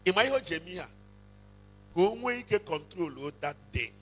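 A man's voice: sits high, lively intonation, a bit bright, slightly rough, low-quality recording. A man preaching a sermon, switching between English and Igbo and breaking into song. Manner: preaching with slow, drawn-out bursts into singing. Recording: music playing under the voice.

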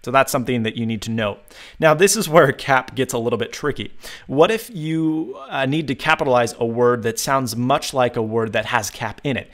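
Young male tech host, upbeat tutorial voice, mid pitch, slows way down to dictate commands. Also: fairly bright tone.

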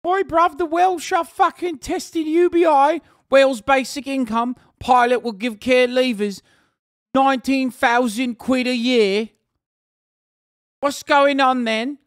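A man putting on a brash, jeering British bloke with a shrill mock accent. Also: fairly even intonation, measured pace, no room sound, studio quality.

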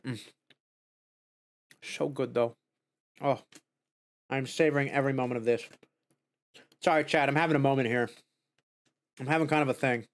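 Speaking at normal speed with long pauses, a man tastes snacks on a casual stream. He's excitable, swinging up to high squeals of joy and dismay, then murmuring while savoring.

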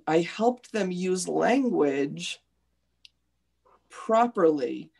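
A woman's voice: on the low side, animated, drawn-out words, gravelly, darkish tone. A woman teacher in a live online discussion, earnestly recounting classroom stories.

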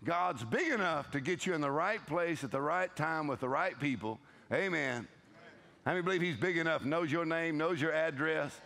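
A man's voice: on the high side, vocal fry, pushed and bright. A male pastor, preaching a humorous sermon and telling stories with playful voices and laughter.

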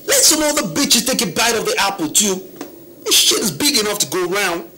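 A man's voice: sits high, sing-song, fairly quick, slight background noise, full character voice. An actor playing an arrogant young womanizer with a slangy, swaggering Nigerian accent who lashes out at his girlfriend. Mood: dismissive. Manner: cocky slangy swagger, swings into shouting.

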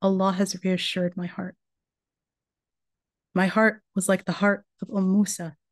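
A woman's voice: medium pitch, level tone, unhurried, long pauses, no echo. Female speaker for a faith lecture, earnest storyteller, mid-range voice, dry recording. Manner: earnest storytelling, retelling a survivor's words. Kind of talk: religious lecture.

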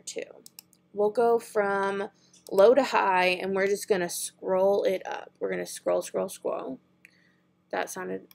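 A young woman vlogger talks her way through an online makeup browse, chatty and giggly, musing out loud. Her mid-height voice carries a lot of gravelly vocal fry. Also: mid-range voice. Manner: chatty, giggly, thinking aloud. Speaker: beauty vlogger. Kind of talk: casual online shopping chat.

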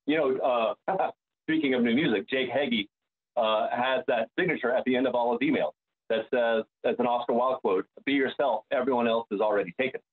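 A man, an opera bass, talking reflectively in an interview and often restarting his sentences. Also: fairly even intonation, brisk, husky. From United States. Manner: searching, restarts sentences, many fillers. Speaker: opera bass singer, guest. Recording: tinny phone-like line.

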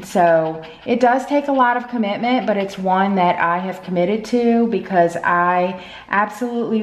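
A woman's voice: medium pitch, slight background noise. A woman chatting casually at home as a pet vlogger, filling her talk with "you know.". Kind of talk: casual chat. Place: home at night. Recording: echoey room.

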